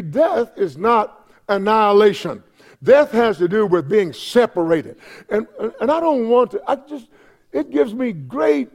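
A man preaching in a church with a high, gravelly voice. He swings between emphatic, ringing declarations and quiet, hushed asides, stressing key phrases and repeating them for effect. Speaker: pastor. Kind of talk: sermon.

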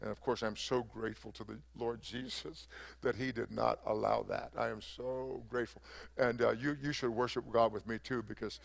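A man's voice: mid-range voice, steady tone, moderate pace, gravelly. An older man, a pastor, preaching a sermon with rising emphasis, often stopping for fillers and restarts.

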